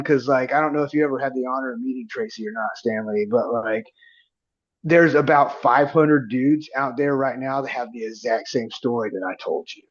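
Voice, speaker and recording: A man's voice: mid-range voice, lo-fi sound. A man in his forties, a guest on a podcast, telling stories casually and acting out the dialogue he recalls. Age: 40s. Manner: animated storyteller who acts out quoted dialogue. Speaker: guest, independent pro wrestler. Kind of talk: casual storytelling in a podcast interview.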